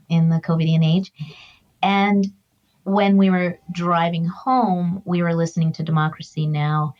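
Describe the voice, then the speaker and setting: A middle-aged woman, a guest author and grief counselor, shares stories in an earnest, heartfelt, spiritual way during a reflective conversational interview. Her voice is low and a little mellow, and the sound is lo-fi.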